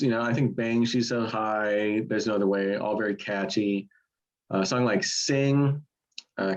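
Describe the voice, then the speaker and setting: A man with a fairly low voice gives his take on a record in loose, opinionated chat. He wanders through his thoughts with plenty of fillers and restarts. The recording is somewhat muffled and lo-fi. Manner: rambling, many fillers and restarts. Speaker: album reviewer co-host. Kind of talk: casual opinionated music chat.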